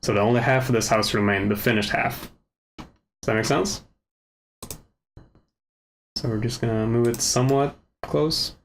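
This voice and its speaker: A man of ordinary pitch talks through a software tutorial in a loose, muttering way, joking at his own mistakes as he goes. His desk microphone is turned up too far, so the sound is harsh and overdriven. Faint keyboard clicks sit behind him. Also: normal speed, vocal fry, pauses often, a little hiss or hum. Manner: relaxed, self-mocking, mutters to himself while working. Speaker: tutorial host. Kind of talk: casual screen-recorded software tutorial. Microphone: desk microphone with gain set too high.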